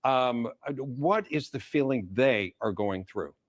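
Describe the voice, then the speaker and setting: A man anchoring live TV news coverage, speaking in a measured, conversational way and putting a question to a guest. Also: medium pitch, lively intonation, no room sound, clean studio sound.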